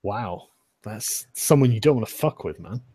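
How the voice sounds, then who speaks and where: Casual male stream host, husky, laughing and swearing, dry close sound. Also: on the low side, expressive, normal speed, mellow, dry recording. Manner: laughing, swearing, loose and joking. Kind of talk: casual livestream chat.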